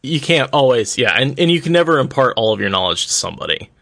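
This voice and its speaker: A man's voice: medium pitch, sing-song, quick pace, vocal fry, fairly bright tone, no echo, clean studio sound. A man chatting casually about a book on a podcast, calling in on a phone. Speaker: podcast co-host.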